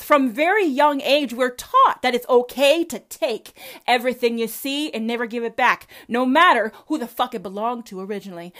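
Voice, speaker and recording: Southern lady going off on a profane rant, kinda high voice, lots of cussing and you hear me?s. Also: moderate pace, a bit bright. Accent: Southern American. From Southern United States. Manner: combative, cussing, emphatic rhetorical questions. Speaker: commentator. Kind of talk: profane religious rant to camera.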